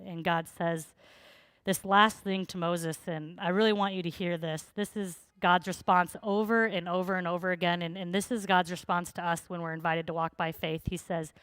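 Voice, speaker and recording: Woman pastor, casual sermon, lowish pitch, smooth clear voice, dry close sound. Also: steady tone, moderate pace, a bit bright, dry recording. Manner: conversational, frequent fillers.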